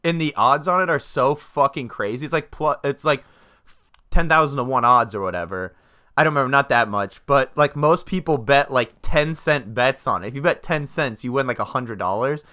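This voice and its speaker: A man's voice: mid-range voice, normal speed, bright, forceful tone. Young guy on a podcast, swearing a lot, just rambling through a story. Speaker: podcast co-host. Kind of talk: casual chat.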